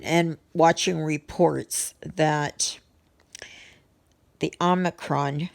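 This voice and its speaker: Low, slow, gravelly-voiced chatty woman. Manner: rambling, chatty, with many ums and restarts. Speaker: vlogger. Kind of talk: casual chat to viewers while stitching.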